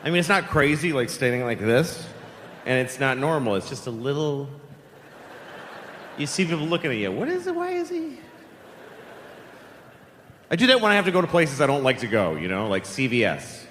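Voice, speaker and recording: A man in his fifties from Boston doing stand-up, deadpan storytelling with mocking voices. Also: medium pitch, fairly quick, long reverb tail, a little hiss or hum. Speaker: stand-up comedian. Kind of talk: stand-up routine and casual chat.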